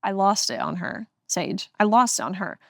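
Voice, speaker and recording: A woman's voice: mid-range voice, expressive, normal speed, vocal fry, fairly bright tone, no room sound, studio quality. A woman in her twenties, an interview guest, telling a personal story in an earnest, emphatic way.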